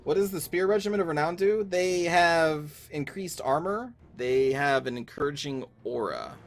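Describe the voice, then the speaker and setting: A man's voice: fairly high pitch, normal speed. A man casually commenting on his strategy game as he plays, chatty and wry, thinking aloud. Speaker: gaming streamer. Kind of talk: casual let's-play commentary. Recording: game music underneath.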